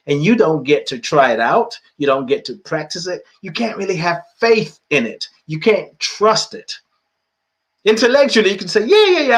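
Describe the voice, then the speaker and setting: A man's voice: on the high side, a bit bright. A man from the United Kingdom hosting a podcast, talking reflectively about spirituality, repeating phrases and chuckling often. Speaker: podcast host.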